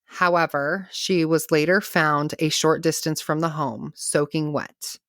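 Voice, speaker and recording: A woman with a low voice narrates a true crime case for a podcast. She reads steadily and breaks off now and then for casual asides and laughter. The sound is dry and close. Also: steady tone, measured pace, a bit bright, dry recording. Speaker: podcast host.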